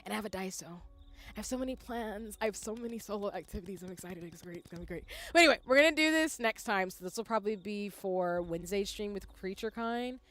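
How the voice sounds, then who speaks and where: A young woman, chatting casually on a livestream while she works on lace, saying y'all a lot and breaking into excited squeals. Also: mid-range voice, fast, soft background music. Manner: chatty, says "y'all" often, bursts into squealing yells. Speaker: streamer.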